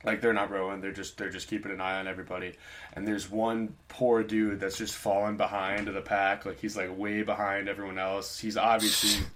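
A man's voice: fairly low pitch, flat delivery, brisk, fairly bright tone, slight background noise. A young man on a podcast, casually telling a story in a rambling, laid-back way with lots of fillers.

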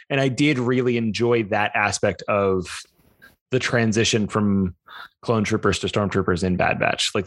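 A man's voice: fairly low pitch, fairly bright tone. A man co-hosting a podcast, chatting in an enthusiastic, rambling way. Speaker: podcast co-host. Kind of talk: casual chat.

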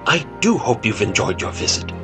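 An actor playing a sinister doctor who hosts a horror chamber, welcoming listeners in a theatrical, ominous way over music. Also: male voice, mid-range voice, very animated, normal speed, natural voice. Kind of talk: horror audio ad host.

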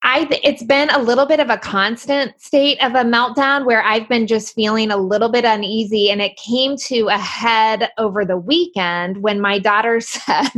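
A woman guest on a podcast, telling candid stories in an animated way, laughing and swearing freely. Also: fairly high pitch, moderate pace, few pauses. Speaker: guest life coach. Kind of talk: casual podcast conversation.

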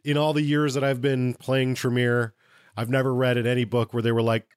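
A man swaps stories of vampire-game lore with a friend, cursing freely and jumping into quick asides. His voice sits in a middle register. The sound is dry and close, with no room behind it. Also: medium pitch, smooth, no room sound. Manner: profane, animated retelling with quick asides. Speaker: podcast co-host. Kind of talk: casual chat about tabletop game lore.

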